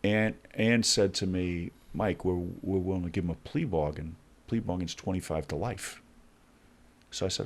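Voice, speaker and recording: A middle-aged man with a very low voice recounts his experiences as a podcast guest. He acts out the dialogue in lively turns, speaking in conversational bursts. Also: moderate pace. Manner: animated storyteller acting out dialogue. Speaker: guest, former hostage negotiator. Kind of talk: storytelling in a podcast interview.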